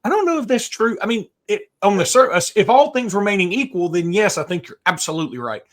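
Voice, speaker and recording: A man co-hosts a college football podcast in casual, rambling chat, often restarting his sentences. His voice sits a bit high for a man and swings widely in pitch as he talks. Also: fast. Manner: rambling, animated, many restarts. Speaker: sports podcast co-host.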